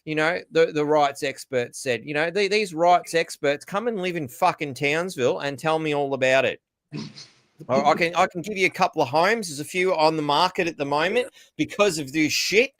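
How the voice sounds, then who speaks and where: A man's voice: a little high, moderate pace, a bit bright, no room sound. An Australian man co-hosting a podcast, ranting sarcastically and swearing in casual political chat. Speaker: podcast co-host.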